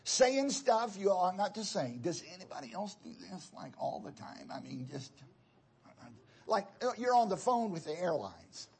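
A male preacher with a very raspy, husky voice that sits fairly high. He delivers a sermon in a chatty, repetitive way, speaking directly to the congregation. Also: very animated, normal speed, a little mellow.

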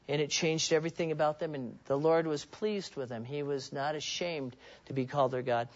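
A man's voice: a little high, steady tone, moderate pace, hardly any pauses, muffled recording. A man preaching a sermon in an earnest, personal way, often restarting and repeating words.

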